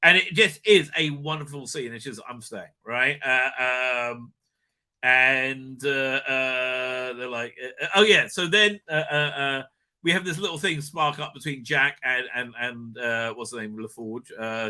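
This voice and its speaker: Bright-voiced excited man rambling on a stream. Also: medium pitch, measured pace. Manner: rambling, excited, lots of fillers and "right?". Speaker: show host. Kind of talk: live-stream fan commentary.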